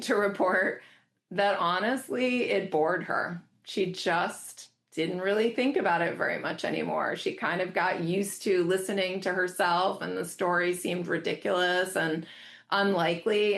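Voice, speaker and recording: A woman's voice: fairly low pitch, a little slow, gravelly, fairly bright tone. A woman therapist co-presenting a webinar, telling a clinical case fluently and explaining it. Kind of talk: webinar teaching.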